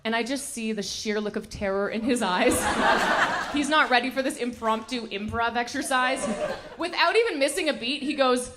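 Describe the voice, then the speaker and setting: Woman doing stand-up, high voice, laughs at her own bits, noisy club audio. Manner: quick, punchy, laughs at her own jokes. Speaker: stand-up comedian. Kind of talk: stand-up comedy set. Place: comedy club stage. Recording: noisy live club recording.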